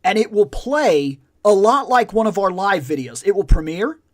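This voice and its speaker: A man's voice: high voice, normal speed. Swearing man hosting a casual stream. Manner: profane, animated storytelling. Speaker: podcast host. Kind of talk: casual livestream chat.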